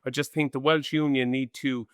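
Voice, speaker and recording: An Irish man in his forties co-hosting a rugby podcast, talking in an animated, rambling, chatty way. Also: mid-range voice, moderate pace, dry recording, studio quality. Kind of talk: casual chat.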